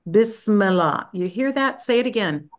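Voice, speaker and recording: A woman leading a group practice on a video call, speaking in a gentle, unhurried and encouraging way. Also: lowish voice. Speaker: spiritual practice leader. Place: Florida.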